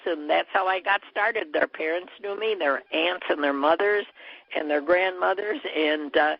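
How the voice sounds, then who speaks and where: An older woman tells a long, rambling story about her business, full of "um"s and "uh"s. Her gravelly, husky voice comes through a muffled telephone line with a dry, close sound. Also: fairly low pitch, no echo. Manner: chatty, rambling anecdotes with many fillers. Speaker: bra business distributor. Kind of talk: telling a story on a phone call.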